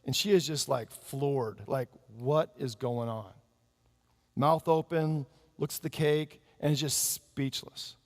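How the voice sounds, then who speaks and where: A man preaching a sermon, telling a story with animated delivery and acting out the people in it. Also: medium pitch, takes it slowly, long reverb tail.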